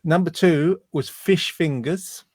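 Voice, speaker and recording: A man's voice: a little high, slow, a little mellow, slightly rough, dry recording. Jokey chatty British man host. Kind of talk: casual chat show.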